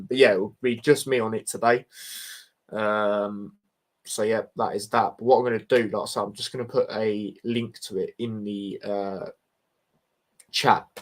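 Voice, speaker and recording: A young man hosting a football livestream indoors at home, chatting casually with viewers in a laid-back, bantering way with lots of fillers. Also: lowish voice. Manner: laid-back, banter-heavy, frequent fillers like mate and bro. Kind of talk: casual livestream chat reading viewer comments.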